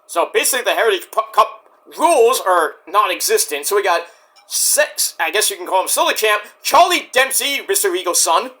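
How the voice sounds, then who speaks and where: High, lively-voiced man ranting sarcastically. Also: moderate pace. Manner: sarcastic, profane, mocks wrestlers in put-on voices. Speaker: wrestling show reviewer. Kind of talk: casual solo review rant.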